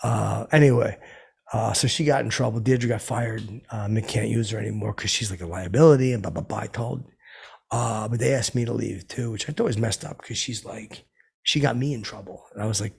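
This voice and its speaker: A middle-aged man telling a rambling, boastful comedic story, stammering often, with a gravelly, raspy voice. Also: lowish voice, fairly quick, darkish tone. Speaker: comedic character host telling stories.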